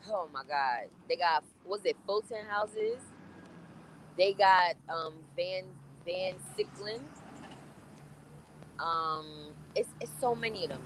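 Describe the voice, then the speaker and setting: A woman from New chatting casually on a phone live stream, reading viewer comments, her voice muffled by a mask. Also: on the low side. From New York. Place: on a city bus. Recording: noisy phone recording on a moving bus.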